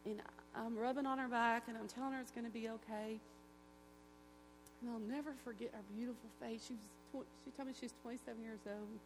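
A woman's voice: a little high, brisk, a little hiss or hum. Folksy woman telling a testimony. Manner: emotional, folksy, animated storytelling. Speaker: testimony speaker. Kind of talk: church testimony, storytelling.

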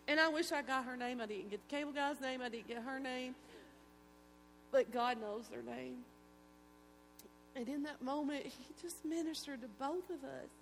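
A woman giving an emotional, folksy church testimony, telling stories with animated delivery. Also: high-pitched, vocal fry, slight background noise. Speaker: testimony speaker.

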